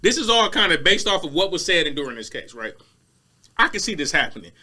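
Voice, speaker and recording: A man co-hosting a podcast, talking in a lively, slangy way with frequent swearing. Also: a little high, quick pace. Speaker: podcast co-host. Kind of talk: casual chat.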